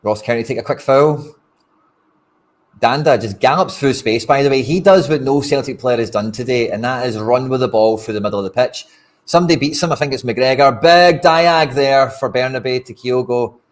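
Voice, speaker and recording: A Scottish fan streamer hosts a football watch-along, giving casual, frustrated live commentary and speaking bluntly, straight to his viewers. His voice is medium-pitched at a normal speed.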